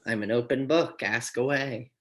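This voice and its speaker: A man performs in a live improv comedy scene. His voice sits at a middle pitch and he speaks in a flat, deadpan manner. He keeps coming back to the same boast. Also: moderate pace. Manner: deadpan, repeats one boast. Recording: live stage audio.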